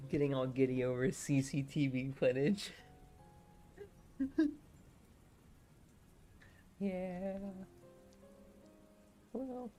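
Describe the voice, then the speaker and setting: A woman's voice: sits low, very animated, extremely slow, long pauses, dark tone, faint music behind. A woman with a sore throat chatting casually on a live stream, laughing often and rambling through her thoughts. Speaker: streamer reading a novel aloud.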